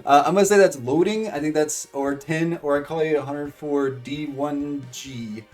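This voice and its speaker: A man calls fighting game matches in a loose, rambling play-by-play, full of fillers and sudden excited shouts. His voice sits at a middling pitch and sounds a little away from the microphone, with faint music underneath. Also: normal speed, far from the mic. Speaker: streamer commentating AI fight bracket. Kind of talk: casual play-by-play commentary.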